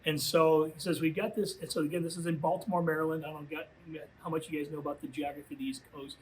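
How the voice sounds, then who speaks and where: Man, youth minister, storytelling talk for students, conversational with fillers, slightly high pitch. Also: little pitch movement, quick pace, darkish tone, a little hiss or hum, poor audio. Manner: conversational, full of "you know" fillers.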